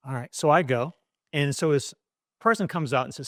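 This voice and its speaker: A middle-aged man from East Baltimore, a journalist telling an animated anecdote in an interview, with frequent restarts. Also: medium pitch, quick pace, no echo, studio quality. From East Baltimore, USA.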